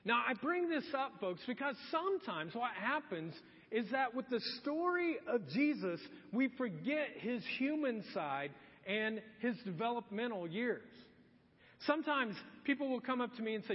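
A man's voice: extremely high pitch, sing-song, normal speed, slightly rough, big-room sound, dull audio. A man preaching a sermon as a pastor, in a casual, joking storytelling manner.

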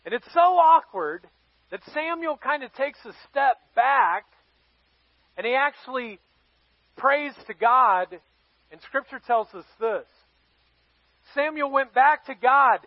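A man's voice: very high voice, lively intonation, slow pace, long pauses, dry recording, dull audio. A man preaching a sermon as pastor, telling a scripture story in a playful, joking way.

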